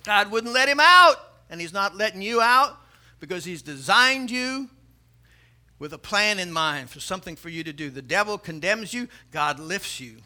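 A man's voice: high-pitched, expressive, normal speed, sharp tone. A man preaching a sermon emphatically, building his volume and telling jokes.

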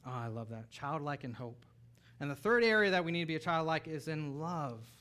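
A man in his thirties preaching a sermon as pastor, animated, swinging from soft asides to near-shouted bursts. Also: fairly high pitch, brisk.

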